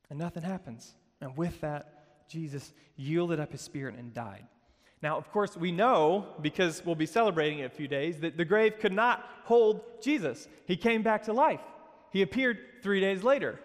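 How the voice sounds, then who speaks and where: A man preaches at campus worship in a slightly higher voice. He tells the story with playful asides and moves between hushed moments and emphatic peaks. The long reverb of a large hall trails after his words. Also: animated, normal speed. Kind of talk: sermon.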